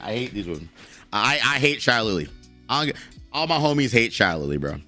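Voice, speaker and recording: A man on a livestream reacts and reads aloud, commenting bluntly and heatedly with lots of swearing. His mid-range voice is very animated, fairly quick and sharp, with faint music behind him.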